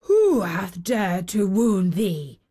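A woman voicing a huge old giant who speaks in a lower, heavier voice than her own. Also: takes it slowly, darkish tone. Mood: angry. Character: huge old giant, gruff but loving.

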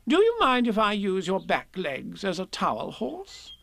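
A man voicing a fussy, cheerful storybook rabbit, speaking high and brisk. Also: huge pitch swings, creaky, bright, forceful tone, no room sound, clean studio sound, exaggerated voice.

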